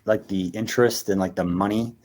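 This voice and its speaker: A man's voice: on the low side, steady tone, a little fast, a little mellow. A man in his thirties co-hosting a sports podcast, talking in a chatty, rambling way with lots of filler words. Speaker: podcast co-host. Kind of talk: casual sports podcast chat.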